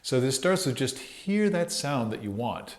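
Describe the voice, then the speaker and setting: A man's voice: medium pitch, big pitch swings, measured pace. A man giving a casual trumpet lesson, thinking aloud with fillers and sometimes singing syllables to show phrasing. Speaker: trumpet teacher.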